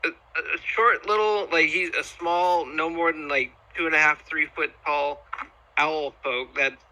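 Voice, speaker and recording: A man playing a tabletop game, describing his character haltingly with many restarts. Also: a little high, steady tone, pushed and bright, rough recording. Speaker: player.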